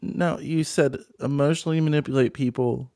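A man hosting a comedy show, playing a patient straight man who calmly questions and corrects his guest. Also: on the high side, moderate pace, no room sound, clean studio sound. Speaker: host. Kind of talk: comedy podcast chat.

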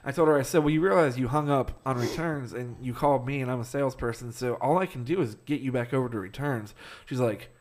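A man in casual podcast chat with a middle-pitched voice. He tells a story in a rambling way, laughs a lot and swears freely. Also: quick pace. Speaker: podcast co-host.

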